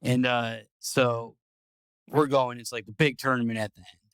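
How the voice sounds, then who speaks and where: A man's voice: medium pitch, flat delivery, normal speed, fairly bright tone, smooth, dry recording. A man hosting a podcast, telling a long story in a casual, rambling way, swearing and repeating himself. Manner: rambling, profane, repeats words. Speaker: podcast host.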